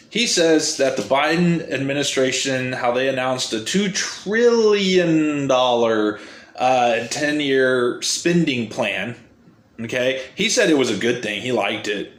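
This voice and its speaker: A man's voice: medium pitch, roomy sound, a little hiss or hum. A man giving casual stock market commentary for his channel, sarcastic and getting fired up, often tagging his sentences with "okay?". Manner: animated, sarcastic, ranting with frequent "okay?".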